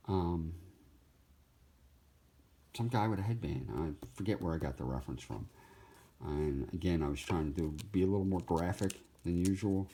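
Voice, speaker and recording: A man's voice: sits low, dark tone, breathy edge. A man casually walking through his sketchbook, easygoing and laughing at his own jokes. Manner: easygoing, laughs, jumps into goofy voices. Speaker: artist showing his sketchbook.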